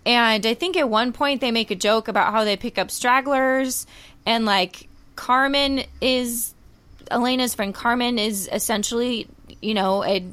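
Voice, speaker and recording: A woman's voice: a little high, a little slow, no echo. Emotional woman recapping a show. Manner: emotional, animated storytelling with fillers. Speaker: podcast co-host. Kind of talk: casual chat reviewing a TV series.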